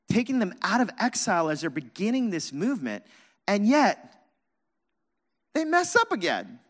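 A male pastor preaching, bright and forceful, with his voice a little high for a man. He tells a self-mocking story in an animated way, and the long reverb of a large hall follows his words. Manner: animated, self-mocking, acts out his own past shouting. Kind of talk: sermon with personal storytelling.

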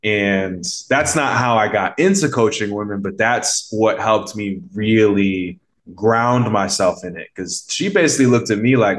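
A man's voice: on the low side, slight background noise. A man guesting on a podcast as a mindset coach, telling a story in a loose, rambling way with lots of fillers and acted-out quotes. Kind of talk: casual conversational storytelling.

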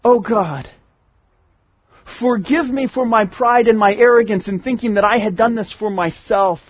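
A man preaching a sermon in an earnest way, moving between loud pleading and hushed asides. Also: high voice, normal speed, dry recording, highs cut off.

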